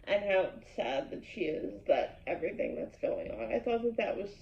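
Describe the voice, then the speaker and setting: Gushing woman with a gravelly voice. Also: medium pitch, expressive, normal speed, a little mellow, a little hiss or hum. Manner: gushing, lots of "like" fillers. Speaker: YouTube host. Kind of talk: episode reaction vlog. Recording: echoey room, far from a dull mic.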